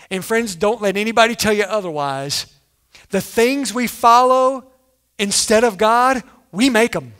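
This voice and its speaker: A man preaching a sermon as pastor, animated, acting out quoted lines and punching key words loudly. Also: high voice. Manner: animated, acts out quotes, sudden loud emphasis.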